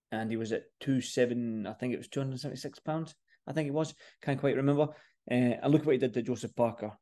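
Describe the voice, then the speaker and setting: A man's voice: mid-range voice, a little mellow. A man talking casually to camera as a boxing vlogger, chatty and repeating words and phrases for emphasis. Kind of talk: casual fight-preview talk to camera.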